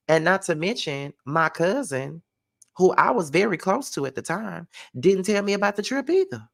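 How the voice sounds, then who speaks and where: A man's voice: high-pitched, sing-song, moderate pace, vocal fry. A man telling a personal story to camera in a casual storytime vlog, emphatic and profane. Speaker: vlogger.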